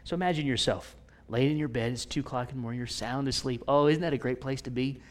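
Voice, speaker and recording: A man preaching a sermon, telling stories with humor and dropping into hushed whispers for emphasis. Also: medium pitch, fast, a little hiss or hum. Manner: animated, swings from loud to hushed whispers; conversational storytelling with humor. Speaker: pastor.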